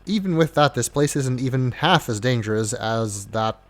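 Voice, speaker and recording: Chatty man, lively pitch. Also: normal speed. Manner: chatty, wry asides and musing. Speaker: let's play host. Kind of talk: casual gameplay commentary.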